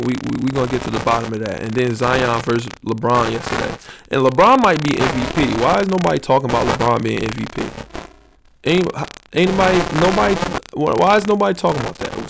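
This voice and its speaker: A man hosting his own podcast in casual solo talk, rambling and slangy with frequent restarts, his energy low. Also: vocal fry, noisy background. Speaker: podcast host.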